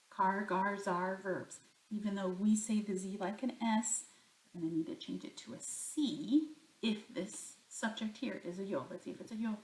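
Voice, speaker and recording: A woman teaching a Spanish grammar lesson, talking herself through each example and answering her own questions. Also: medium pitch. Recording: echoey room.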